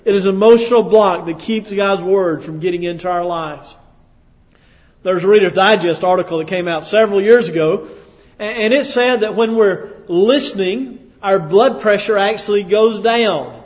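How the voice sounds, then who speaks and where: A man with a high voice preaches a sermon in a plain, folksy way, leaning on his points and asking the congregation questions. His voice rings with a long reverb through the church hall, and the recording sounds a little dull. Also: moderate pace. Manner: folksy, emphatic, asks the audience questions.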